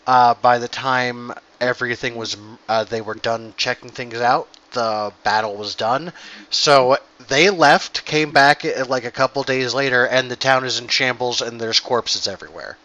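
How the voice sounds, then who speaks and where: Guy running a tabletop game online, chill and rambling, bright tone, kinda muffled mic w/ light hiss. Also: mid-range voice, fairly even intonation, normal speed. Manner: casual, many fillers, explains rules. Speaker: game master.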